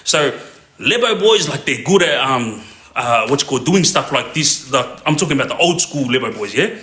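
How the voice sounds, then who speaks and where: A man's voice: medium pitch, animated, moderate pace, bright, forceful tone, echoey room. A man telling a crime story casually, rambling and checking in with a constant "yeah?". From Australia.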